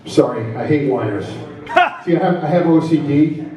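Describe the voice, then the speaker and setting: A man's voice: on the high side, expressive, a little slow, darkish tone. A man from New Jersey performing a stand-up set on a comedy club stage, chatty, self-deprecating and teasing the crowd. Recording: echoey club from a distance.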